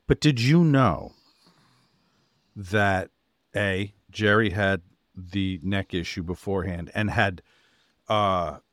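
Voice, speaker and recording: A man co-hosting a podcast, putting halting follow-up questions to his partner. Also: low-pitched, a bit bright, no echo, clean studio sound. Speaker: podcast co-host. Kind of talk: casual chat, asking follow-up questions.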